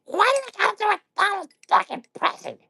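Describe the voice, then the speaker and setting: A man putting on a squawky, high cartoon duck voice during a casual livestream. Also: big pitch swings, fairly quick, creaky, sharp tone, no room sound, heavily acted. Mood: mock scolding.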